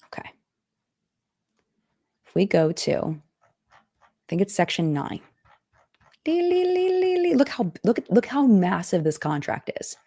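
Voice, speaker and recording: A woman's voice: on the low side, lively intonation, measured pace, long pauses, dark tone, breathy edge. A woman hosting a casual live stream, thinking aloud as she reads viewer comments and contract text. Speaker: host of a live chat stream. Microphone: streaming setup.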